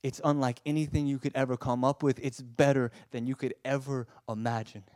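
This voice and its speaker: A man delivers a heartfelt sermon at a medium pitch. He drops to a near hush, then rises to loud emphatic pleas, and he stumbles over repeated words when stirred. The sound is dry and close, with no room echo. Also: little pitch movement, brisk. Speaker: preacher.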